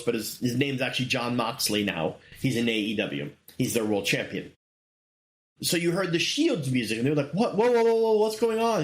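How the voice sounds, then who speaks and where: A man in his forties hosting his own show, telling a story in a casual monologue with excited, animated bursts. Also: medium pitch. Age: 40s. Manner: excited, animated retelling with sudden loud bursts. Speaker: podcast host.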